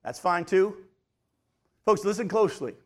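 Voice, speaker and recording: A man's voice: high voice, animated. Man preaching a sermon. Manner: emphatic preaching, slows for key points, addresses folks directly. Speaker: pastor.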